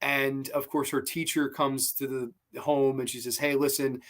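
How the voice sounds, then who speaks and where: A man hosting his own show, casually reviewing a horror film, excitable and swearing freely, with many fillers and repeated words. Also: mid-range voice, normal speed.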